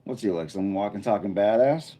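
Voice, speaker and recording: Low, mellow-voiced man chatting on a live stream. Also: lively intonation, brisk. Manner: chatty, thinking aloud while reading viewer chat. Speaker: livestreamer. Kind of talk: casual live-stream chat. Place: indoor room under a bright studio light.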